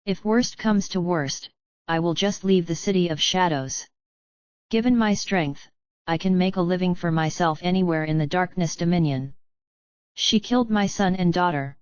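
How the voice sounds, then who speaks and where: A man's voice: high-pitched, clean tone, dry recording, natural voice. A woman reading the lines of a paranoid, vengeful lord who curses his enemy, in an audiobook. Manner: cursing, enraged. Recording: dull, lo-fi, dry.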